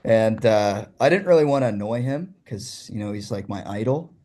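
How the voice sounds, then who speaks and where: Mellow-voiced young man from Ontario. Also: on the low side, normal speed. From Ontario, Canada. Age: young adult. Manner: excited, laughs through his story. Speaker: guest. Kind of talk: casual storytelling.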